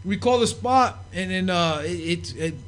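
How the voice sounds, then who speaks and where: A man's voice: high voice, unhurried, a little hiss or hum. A man casually telling profane backstage stories as a podcast guest, laughing and acting out the people he quotes. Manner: profane, animated, laughing, acts out quoted voices. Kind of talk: casual storytelling.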